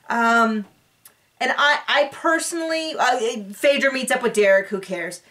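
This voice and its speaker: A woman's voice: a little high, a little slow, a bit bright, far from the mic. A woman hosting a casual recap show, chatty and opinionated with sarcastic asides, recorded a bit away from the mic.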